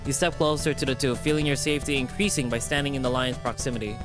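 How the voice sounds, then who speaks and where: A streamer narrating a visual novel aloud in an animated way, jumping in and out of character voices. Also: medium pitch, fast talker. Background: background music.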